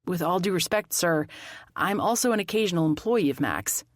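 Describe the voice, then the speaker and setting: A woman voicing a calm, self-assured young male mechanic who speaks politely and quietly firmly. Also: fairly low pitch, fairly quick, dry recording, clean studio sound, close to an everyday voice.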